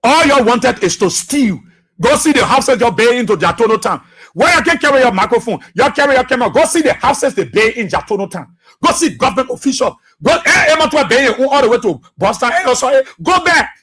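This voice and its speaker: A man with a Liberian accent hosting political talk radio, impassioned and repetitive, with a husky voice. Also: extremely high pitch, animated, brisk, fairly bright tone. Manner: repetitive, impassioned, laughing jabs at opponents. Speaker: radio station boss and talk show host.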